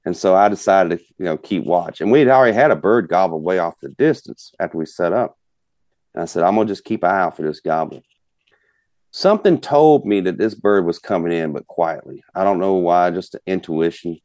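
A man's voice: deep voice, animated, a little fast, a little mellow, dry recording. A man telling a rambling, folksy hunting story as a podcast guest. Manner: folksy, rambling, many fillers. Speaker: guest hunter. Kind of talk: casual storytelling.

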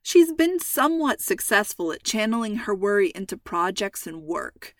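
An easygoing middle-aged father soothes and teases in a steady, good-humored voice. A woman reads his part in a storybook. The sound is dry and close. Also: medium pitch, moderate pace, no echo, natural voice. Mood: playful. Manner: reassuring, playful. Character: calm joking father, middle-aged man.

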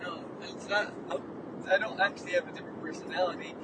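Deadpan man chatting in a moving car. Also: fast, far from the mic. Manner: dry, deadpan. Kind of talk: casual chat on a road trip. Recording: road noise, voice off-mic. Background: engine and road rumble.

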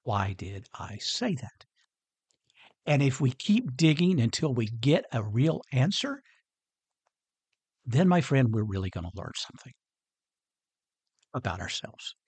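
A husky-voiced man talks through a motivational podcast episode in an earnest, conversational way and chuckles often. His pitch moves a lot from one phrase to the next. The sound is dry and close, with no room around it. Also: very animated, a little slow, pauses often, a little mellow, no echo. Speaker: podcast host. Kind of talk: motivational solo podcast talk.

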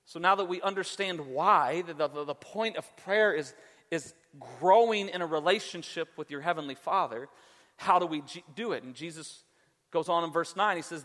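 High-voiced pastor preaching in a reverberant hall. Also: male voice, fairly bright tone. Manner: emphatic, repeats words when restarting, slows for key points. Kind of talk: sermon. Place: church sanctuary before a congregation.

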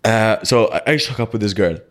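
Young comedian telling rambling stories. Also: male voice, lowish voice, fast talker. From Malta. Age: young adult. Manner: rambling storyteller, heavy "like" fillers, acts out quotes. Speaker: comedian guest. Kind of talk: casual podcast chat.

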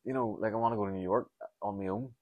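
Northern Irish man in his forties, very low voice, dry close sound, rambling solo podcast, sweary and self-deprecating. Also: fairly even intonation, fast, dry recording, narrow, tinny audio. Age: 40s. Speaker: comedian podcast host.

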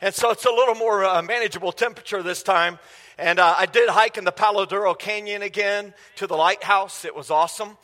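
A man preaching with a strikingly high, bright and forceful voice, full of enthusiasm and chatty asides to the congregation. His words ring out through a church sanctuary with a long hall reverb trailing behind them. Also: brisk. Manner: enthusiastic, conversational, asks the crowd questions. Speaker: guest preacher. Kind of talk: sermon.

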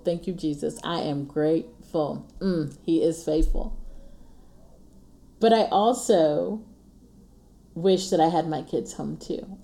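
With a fairly low, dark-toned voice, this podcast host in her 40s delivers a sincere, uplifting talk about faith in a relaxed way, frequently laughing and returning to her refrains.

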